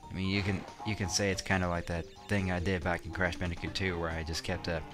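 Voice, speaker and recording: A man's voice: low voice, level tone, quick pace. A young man casually commenting on his own gameplay, rambling with lots of fillers and restarts and some crude words. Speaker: let's play commentator. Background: game music.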